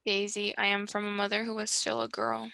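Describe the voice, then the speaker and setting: A woman's voice: mid-range voice, monotone, fairly quick, gravelly, bright, forceful tone, dry recording. A woman facilitating an online workshop, reading participants' names and quoted phrases aloud one by one. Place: online video session. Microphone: video call.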